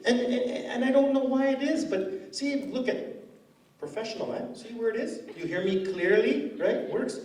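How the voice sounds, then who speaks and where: A man's voice: very high voice, normal speed, a little mellow. A man doing stand-up comedy in a school hall, rambling and self-mocking, often laughing at his own jokes. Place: school hall with a live audience. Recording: roomy hall audio from a distance.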